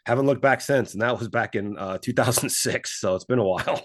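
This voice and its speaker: A man's voice: mid-range voice, brisk. A man in his forties, a former stockbroker turned entrepreneur, telling his story casually and acting out his own past dialogue in quotes. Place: Fort Worth, Texas.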